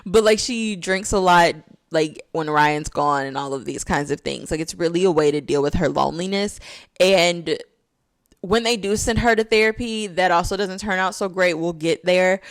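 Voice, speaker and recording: A young woman talking through a casual video essay, chatty and full of "like"s. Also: lowish voice. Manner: chatty, filler-heavy, with many "like"s.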